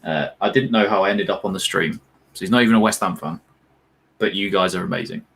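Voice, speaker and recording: Jokey lower-voiced man. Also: vocal fry, a bit bright, slightly rough. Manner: jokey, laughs often, quick bursts of live commentary. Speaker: co-host. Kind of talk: casual match watch-along chat.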